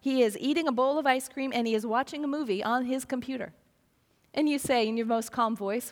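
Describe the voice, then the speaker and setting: A woman's voice: high voice, a little fast. A middle-aged woman pastor giving an earnest sermon, telling stories and acting out quoted voices. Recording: long reverb of a large hall.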